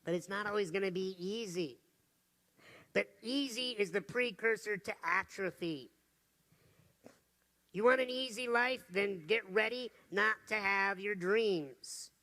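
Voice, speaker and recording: A man giving an energetic, humorous motivational talk from a stage to a live audience. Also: high-pitched. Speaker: motivational speaker.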